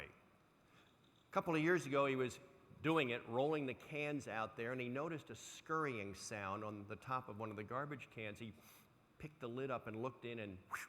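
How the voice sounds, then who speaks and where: An older man giving a motivational keynote speech, an animated storyteller who acts out quotes with big swings in loudness. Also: medium pitch, normal speed. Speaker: motivational speaker. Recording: long hall reverb.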